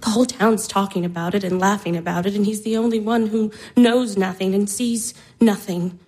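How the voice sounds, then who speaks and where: A woman's voice: medium pitch, fairly even intonation, a little fast, a little mellow, close to an everyday voice, poor audio. An actress in her twenties playing a despairing young woman, anguished, sighing and whispering. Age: 20s. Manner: anguished, breaking into sighs and whispers. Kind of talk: stage drama acting.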